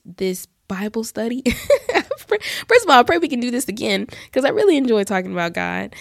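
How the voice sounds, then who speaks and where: A woman's voice: mid-range voice, creaky, a little mellow, no room sound, studio quality. A young adult woman hosting a podcast, talking to listeners about faith in an earnest, heartfelt way, with restarts and asides. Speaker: podcast host. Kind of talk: casual faith talk to listeners.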